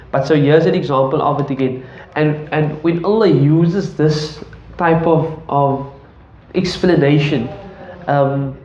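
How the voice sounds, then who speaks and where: A man's voice: fairly high pitch, darkish tone, slight background noise. A man teaching Arabic grammar to a class, explaining patiently, quizzing his students and chuckling often. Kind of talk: classroom lesson. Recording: echoey classroom, dull lo-fi audio.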